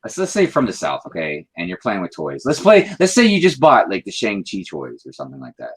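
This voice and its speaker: A man's voice: low voice, wildly swooping pitch, fast, slightly rough, low-quality recording. A man co-hosting a livestream, chatting and bantering playfully. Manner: bantering, playful, swings his voice widely. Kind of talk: casual chat on a livestream.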